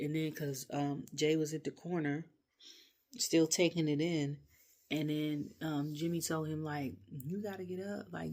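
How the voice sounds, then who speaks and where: Chatty woman ranting casually. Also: low-pitched. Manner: chatty, rambling, animated, laughs often. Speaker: wrestling reviewer. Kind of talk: casual rant review.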